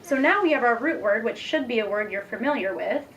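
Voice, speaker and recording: Young woman teacher, slow clear encouraging voice, kinda far from the mic, a bit of hiss. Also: a little high, lively intonation, a bit bright. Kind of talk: demonstration lesson. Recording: distant mic with faint background noise.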